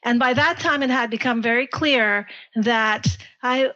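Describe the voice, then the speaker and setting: A woman doctor, a guest on a talk radio interview, speaks in a reflective, unhurried way. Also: on the high side, pushed and bright. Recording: muffled radio broadcast.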